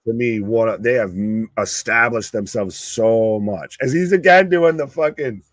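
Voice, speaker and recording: A man's voice: mid-range voice, moderate pace, dry recording. Profane, joking male stream co-host. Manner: animated, profane, jokey reactions. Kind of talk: casual live-stream commentary.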